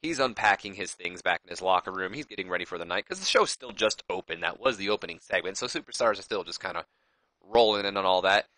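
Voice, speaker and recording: A man's voice: deep voice, expressive, fast talker, bright, forceful tone, no room sound, rough recording. A man casually commentating a wrestling management game, rambling and correcting himself as he goes. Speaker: gaming YouTuber.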